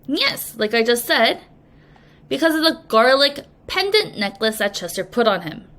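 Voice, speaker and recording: A woman English teacher giving a recorded reading lesson, explaining slowly and patiently to young students. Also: on the high side, very animated, a bit bright. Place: language academy.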